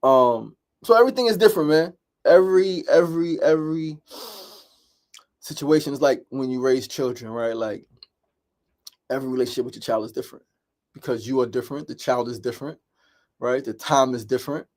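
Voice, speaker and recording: A man's voice: mid-range voice, fairly quick, pauses often, a little mellow. A middle-aged man hosting a daily talk show, speaking casually and openly, swearing often, repeating phrases and checking in with "right?".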